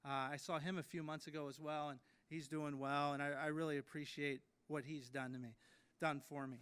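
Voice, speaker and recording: A man's voice: fairly high pitch, flat delivery, brisk, fairly bright tone, smooth. A man in his late thirties giving an induction speech at a ceremony, telling stories in a self-deprecating way with many fillers and restarts. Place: ceremony hall.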